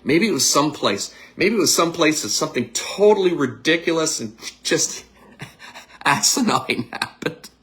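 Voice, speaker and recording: A middle-aged man, a psychic medium leading a guided visualization talk in a blunt, energetic, casual coaching manner. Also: on the high side, moderate pace. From Canada.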